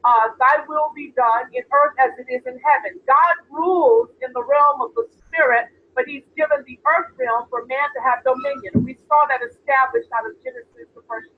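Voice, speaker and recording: A woman apostle delivers a sermon, reading Bible verses aloud and checking in with her listeners. Her voice sits high. The sound is thin and phone-like, with a faint hiss underneath. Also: lively intonation, moderate pace, few pauses. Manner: reads scripture aloud, asks the congregation questions. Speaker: apostle preaching.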